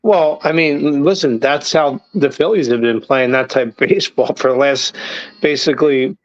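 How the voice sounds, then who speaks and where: A man's voice: medium pitch, moderate pace, no room sound. A man co-hosting a casual sports podcast, talking in a profane, emphatic way that swells into heated rants. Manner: profane, emphatic, rising to near-shouting rants. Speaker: podcast co-host. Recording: dull lo-fi sound.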